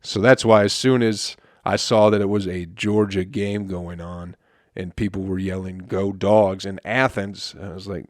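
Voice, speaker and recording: A male comedian hosting a solo podcast, ranting in an exasperated, profane way with sudden loud outbursts. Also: deep voice, fairly even intonation, unhurried, dry recording, clean studio sound. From Flint, Michigan.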